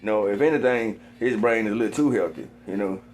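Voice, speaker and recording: A man in a rambling monologue, swearing constantly and repeating himself, sometimes getting heated and loud. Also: on the low side, brisk. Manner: gets heated and loud at times.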